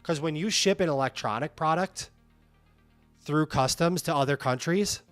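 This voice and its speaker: A man's voice: fairly high pitch, moderate pace, no room sound. Casual man livestreaming with faint music. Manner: candid, animated, reads chat comments aloud. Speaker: livestream host.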